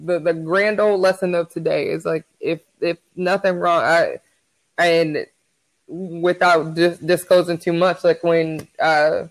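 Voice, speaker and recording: A man's voice: fairly high pitch, fairly even intonation, measured pace, rough recording. A man co-hosting a podcast, chatting candidly and often restarting his sentences. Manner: candid, repeats words when starting sentences. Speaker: podcast co-host. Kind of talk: casual chat.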